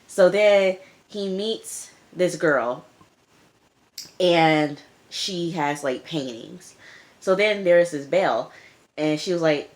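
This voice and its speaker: A young woman recapping a TV episode in casual chat, animated and emphatic, repeating lines for effect. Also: low voice, takes it slowly. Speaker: TV show reviewer.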